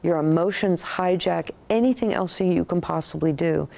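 A middle-aged woman neuroscientist recounting research in an interview, thoughtful and animated, with frequent restarts. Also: lowish voice, normal speed, creaky.

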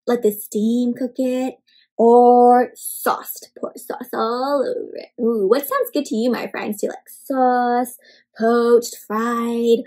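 Lady reading a picture book to kids, asks them questions, animated, breathy. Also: fairly high pitch. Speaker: children's storyteller. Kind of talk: interactive read-aloud for kids.

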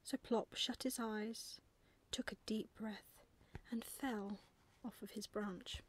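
A woman reading a bedtime story aloud in a soft, close whispered role-play style. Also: mid-range voice, fairly even intonation, slow pace, husky.

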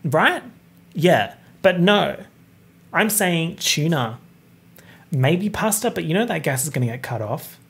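Young man, breathy voice, campy and expressive, casual podcast chat. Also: a little high, unhurried, long pauses. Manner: animated, campy and expressive, swearing freely. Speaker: podcast host.

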